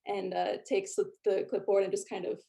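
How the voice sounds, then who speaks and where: A woman narrating a tabletop game as game master, relaxed, with frequent fillers. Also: mid-range voice, moderate pace, vocal fry.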